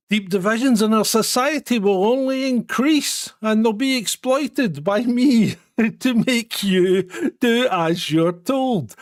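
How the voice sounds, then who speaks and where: A man's voice: sits high, dry recording, clean studio sound, voice pushed up. A Scottish man playing a pompous politician who gloats about becoming a dictator, in a sneering mock-menacing New Year speech. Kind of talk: satirical parody speech.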